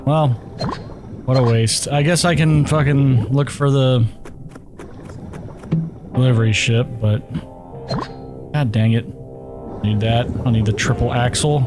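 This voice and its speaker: A man's voice: mid-range voice, a little slow, long pauses, over music. A man giving casual, profane commentary while playing a video game, reacting to the action and talking to himself. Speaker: gaming YouTuber.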